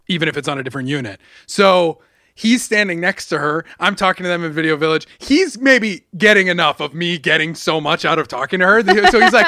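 Guy guesting on a podcast, bouncy high voice, jokes on himself, bright tone. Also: dry recording, studio quality. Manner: lively, self-mocking, does quick voices in anecdotes. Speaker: podcast guest, former cast member. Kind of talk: casual chat, animated storytelling.

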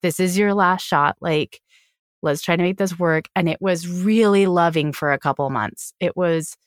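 A woman's voice: lowish voice, normal speed, no echo, studio quality. A woman, a podcast guest, telling a personal story in casual chat and often quoting what people said. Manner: candid, quotes people in her story.

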